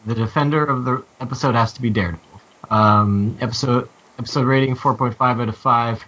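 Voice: medium pitch, fairly even intonation, a little fast, fairly bright tone, slightly rough, far from the mic. A podcast co-host reading out listener feedback playfully, giggling over the punctuation. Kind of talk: casual podcast chat. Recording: muffled lo-fi podcast audio.

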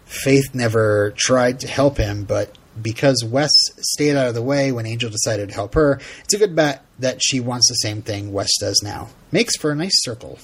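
A man's voice: mid-range voice, moderate pace, gravelly, few pauses, slightly rough. A man hosting a casual podcast chat, laughing often and reading out listener feedback. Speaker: podcast host.

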